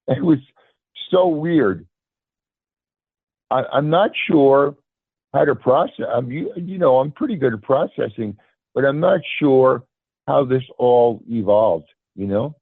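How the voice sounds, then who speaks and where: A man's voice: mid-range voice, animated, slow pace, pauses often, dry recording. A man calling in, hesitantly telling a personal story and often restarting his words. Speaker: caller. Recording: phone line, dry and gravelly.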